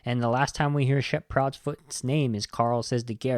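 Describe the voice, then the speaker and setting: A man's voice: medium pitch, steady tone, moderate pace, a little mellow, smooth, dry recording, studio quality. A man hosting a podcast, casually recapping a film in a loose, rambling way full of filler words. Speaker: podcast host.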